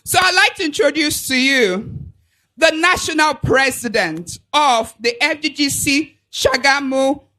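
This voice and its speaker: A Nigerian woman hosting an alumni event on a handheld mic, playful and teasing as she calls for shouts from the crowd. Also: sits high, measured pace.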